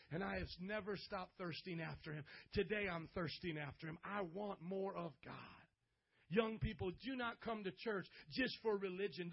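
An emphatic man with a very high voice preaches to young people, calling on them to answer back. He swings from loud exhortation to hushed, intimate lines. The recording sounds dull and lo-fi. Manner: emphatic preacher, calls on the audience to respond. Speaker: youth pastor. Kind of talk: sermon. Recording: dull lo-fi audio.

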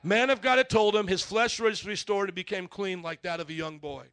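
A man's voice: high-pitched, fairly quick, smooth, dry recording. A man preaching a sermon, reading scripture with casual asides and calling on the congregation to repeat words. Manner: energetic call-and-response, casual asides.

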